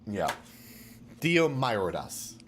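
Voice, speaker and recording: A man's voice: lowish voice, big pitch swings, slow pace, noisy background. A man chatting casually as game master on a tabletop game stream, telling rambling anecdotes.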